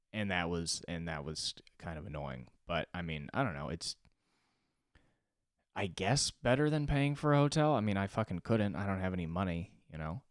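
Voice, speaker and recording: A young man with a very low, smooth voice hosts his own comedy podcast alone. He rambles and swears, jumping from loud outbursts to low mumbles, and the recording is close and dry. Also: no echo. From Los Angeles. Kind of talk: solo podcast monologue.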